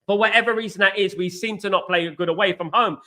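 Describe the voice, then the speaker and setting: Hosting a live football fan channel stream, an Englishman with a London accent answers viewer comments after reading them aloud. He talks animatedly and quickly with a steady tone, his high voice bright and forceful, dropping casual slang throughout.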